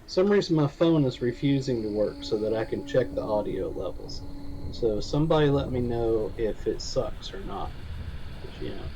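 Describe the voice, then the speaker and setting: A man with a mellow, mid-range voice live-streams an online role-playing game, chatting casually and muttering as he troubleshoots his audio. His voice cracks now and then, and he sounds mildly exasperated as he works through the problem aloud. There's slight background noise.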